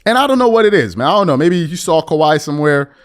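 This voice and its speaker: A man talking casually about basketball on his vlog, getting loud and emphatic as he argues his point. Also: on the high side, fast talker, faint music behind. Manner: animated, gets loud and emphatic when riled. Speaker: basketball commentary vlogger. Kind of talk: casual commentary monologue. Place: lives in Nigeria now.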